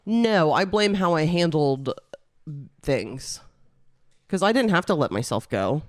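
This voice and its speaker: A man's voice: on the high side, big pitch swings, measured pace, no echo, studio quality. A man co-hosting a podcast, chatting casually with wry, self-deprecating humor. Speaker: podcast co-host. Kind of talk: casual chat.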